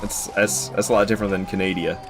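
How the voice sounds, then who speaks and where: A man's voice: low voice, little pitch movement, fast. A man giving casual, joking commentary while streaming a video game, chatting with viewers and running himself down when he fails. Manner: chatty, joking, self-deprecating. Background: game music.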